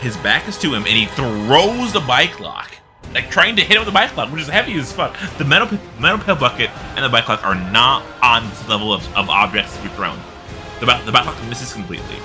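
Man, podcast host, casual storytelling, animated, lively pitch. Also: brisk, music in the background. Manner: animated, laughing, acts out quotes.

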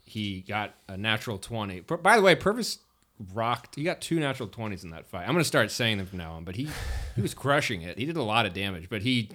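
Male game master, lowish voice, rambling casual narration, frequent restarts. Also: very animated, fast, bright, forceful tone.

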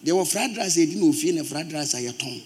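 A man with a Ghanaian accent preaching a sermon in church, forceful and emphatic, rising to loud outbursts. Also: on the high side, lively intonation, quick pace. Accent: Ghanaian English. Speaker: pastor.

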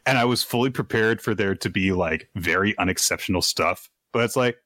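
Low-voiced man recapping a fight scene. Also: brisk, no room sound, clean studio sound. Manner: animated retelling, jumps into high voices for quotes. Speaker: podcast co-host. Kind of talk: casual manga recap chat.

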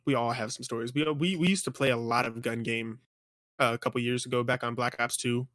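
Young man, podcast co-host, relaxed storytelling, mid-range voice. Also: medium pitch, fairly quick, dry recording, clean studio sound. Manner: easygoing storyteller. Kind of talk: casual gaming podcast chat.

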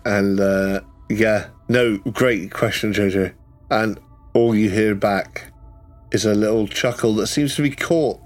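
A man running a tabletop game as game master, narrating casually and swearing freely. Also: fairly low pitch.

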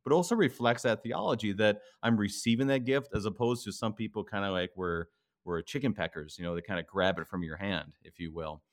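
A pastor talks in a thoughtful podcast conversation, slowing down to lean on the words that matter. His voice sits somewhat low for a man. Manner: thoughtful, slows down to stress key words.

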